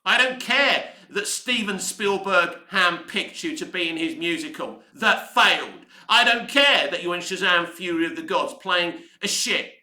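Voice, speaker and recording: Angry ranting man, high bright voice. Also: lively intonation, measured pace, few pauses, echoey room. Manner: heated, sweary, ranting. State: voice going hoarse. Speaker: online commentary host. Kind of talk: angry opinion rant.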